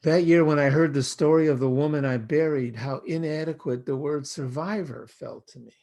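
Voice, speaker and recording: An older American man, a rabbi, giving a reflective sermon in slow, measured, poetic phrasing. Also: a little high, steady tone, mellow.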